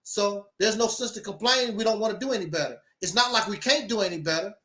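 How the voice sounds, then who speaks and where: Male host, very high and bright, emphatic preachy monologue with mocking asides, echoey room. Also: fast talker, few pauses. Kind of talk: opinionated talk show monologue.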